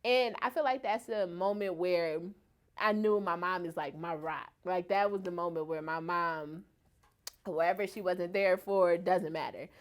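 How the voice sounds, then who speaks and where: A woman guest in an interview, telling a personal story and acting out other people's words in a much higher voice. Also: unhurried. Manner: animated, acts out quoted voices much higher.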